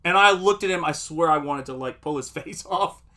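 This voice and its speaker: Middle-aged male streamer, bright, slightly high voice, lively anecdote-teller, casual. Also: moderate pace. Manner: animated storytelling, acts out quotes. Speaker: comic artist streamer. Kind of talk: casual livestream chat.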